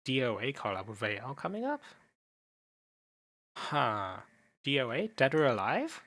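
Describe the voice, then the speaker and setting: A man's voice: mid-range voice, sing-song, unhurried, a bit bright, dry recording, studio quality. A young man casually commenting on a game while streaming, chatting with viewers and swearing offhandedly.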